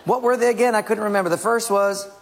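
A man's voice: sits high, quick pace, vocal fry, a faint crowd. A man preaching a sermon emphatically, often dropping to a near-whisper, in a church hall. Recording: long hall reverb.

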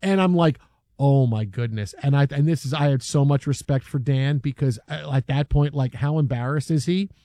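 Animated storytelling sports talk man. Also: on the high side, fairly quick, hardly any pauses, dry recording, studio quality. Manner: animated, acts out quotes. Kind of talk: casual storytelling.

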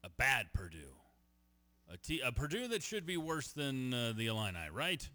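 A man's voice: medium pitch, big pitch swings, a little fast, pushed and bright. A man hosting a sports radio show, bantering playfully with his co-hosts and reading promos. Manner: playful, teasing, reads phone number and promos.

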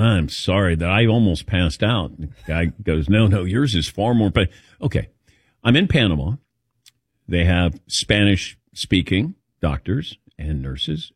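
A man hosting a radio talk show, telling a funny personal story with lots of life in his pitch. He slips into other people's voices as he quotes them. The sound is close and dry, like a studio mic. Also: slightly rough, no room sound. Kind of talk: casual storytelling chat.

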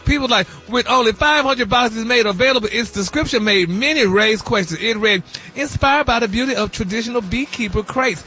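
A man's voice: very high voice, fairly quick, bright, forceful tone, husky. A man hosting celebrity news on a radio morning show, sassy and flamboyant, calling everyone honey and baby, and singing bits of his lines.

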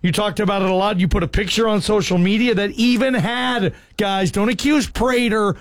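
A man's voice: high voice, steady tone, normal speed, dry recording, studio quality. A man hosting a sports radio show, chatting casually and ribbing his co-host.

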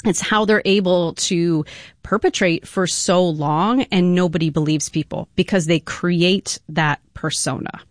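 A woman speaking as an expert guest on a panel, explaining in an animated way and often adding "you know" and "right?". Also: on the low side, measured pace, dry recording, clean studio sound. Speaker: domestic violence expert guest.

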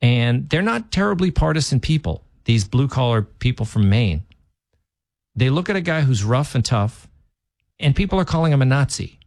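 A male fill-in talk radio host offering opinionated political commentary. His pitch is mid-range, and he talks loosely with many restarts. The sound is dry and close to the microphone. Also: big pitch swings, normal speed, creaky, a little mellow, no echo. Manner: opinionated, conversational, with frequent restarts.

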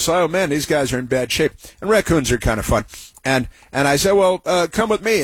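A man's voice: mid-range voice, husky, no echo. A man hosting a talk radio show, telling stories in a rambling way with many restarts and giving blunt opinions.

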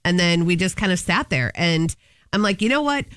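A woman's voice: on the low side, lively intonation, normal speed, fairly bright tone, no echo. Brief: woman co-host, casual storyteller who laughs a lot, dry close sound. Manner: chatty storyteller, laughs often. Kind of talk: casual chat.

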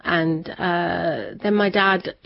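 A woman, a guest telling a personal story in an interview, animated and laughing often. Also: on the low side, drawn-out words, creaky, highs cut off. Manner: animated, laughs often, acts out family members' words.

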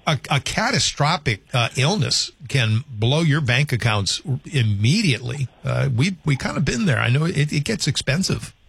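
A man's voice: medium pitch, very animated, moderate pace, gravelly, few pauses, fairly bright tone, breathy edge. A man hosting a call-in radio talk show, chatting in a loose, rambling way with many restarts, speaking into a studio microphone.

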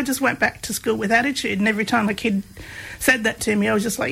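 Interview guest: woman, gravelly and husky, candid storyteller with a self-mocking edge. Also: a little high, flat delivery, fast, fairly bright tone, rough recording. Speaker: guest, doctoral researcher. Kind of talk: casual storytelling.

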